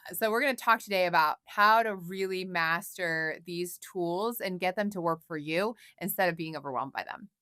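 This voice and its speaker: A woman's voice: fairly low pitch, moderate pace, few pauses, pushed and bright, clear, resonant tone, no room sound, clean studio sound. A woman guest on a podcast, explaining things in a friendly way and often quoting imagined voices. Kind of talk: casual podcast chat.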